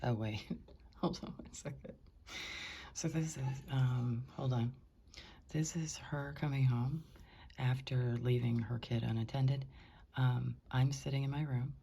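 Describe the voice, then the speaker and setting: A woman speaking in a hushed, indignant way, often whispering, as she records from her bedroom on a top floor. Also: very deep voice, steady tone, unhurried, gravelly, a little hiss or hum. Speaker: concerned housemate.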